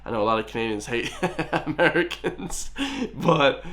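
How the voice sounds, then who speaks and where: A young Irish man chatting casually as he reacts to a video, excitable and rambling, with plenty of filler words. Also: mid-range voice, normal speed. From Ireland. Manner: excitable, rambling, lots of "like" and "guys".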